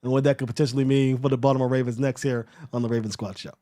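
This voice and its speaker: A man's voice: mid-range voice, little pitch movement, rapid-fire, warm tone. A man hosting a casual sports podcast, steering the conversation, leading into topics and putting questions to his co-hosts. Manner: laughs easily, steers the conversation. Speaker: podcast host.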